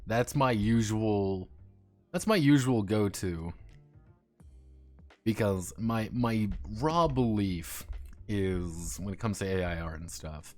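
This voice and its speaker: A young man with a fairly low voice talks casually on a stream, blunt and direct. He rambles, restarts his sentences and laughs often, over faint music in the background.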